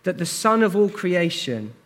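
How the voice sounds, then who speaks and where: Animated high-voiced male preacher. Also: a little slow. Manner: animated, conversational, asks the congregation questions. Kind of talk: sermon.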